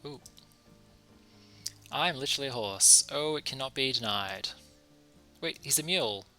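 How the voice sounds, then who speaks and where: A man's voice: mid-range voice, lively intonation, normal speed, sharp tone, soft background music. A man giving casual commentary while playing a video game, musing aloud and chuckling to himself. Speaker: let's-play gamer.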